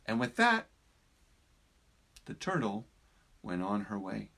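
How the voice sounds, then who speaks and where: A man tells a parable in a slow, measured way, pausing often for effect. His voice rises and falls with lively expression as he draws the listener in. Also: on the low side, gravelly. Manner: slow, deliberate, expressive with dramatic pauses. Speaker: speaker, storyteller. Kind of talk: storytelling.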